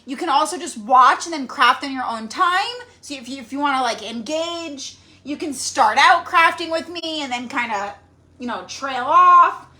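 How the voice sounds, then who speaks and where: A middle-aged woman hosting a casual craft livestream, bubbly and excitable, greeting viewers by name with frequent squeals and laughs. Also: high-pitched. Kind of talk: casual live-stream chat greeting viewers.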